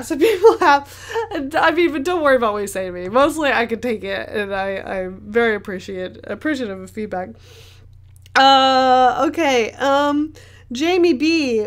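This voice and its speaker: A young woman artist chatting casually while she paints and answers viewer questions, rambling with many fillers and easy laughs. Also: fairly high pitch. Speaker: artist hosting a paint-along.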